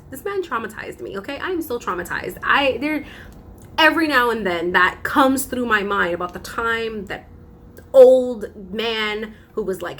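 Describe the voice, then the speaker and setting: A woman's voice: fairly high pitch, a bit bright, slight background noise. A young woman vlogging casually, telling a story with dramatic emphasis and frequent laughs.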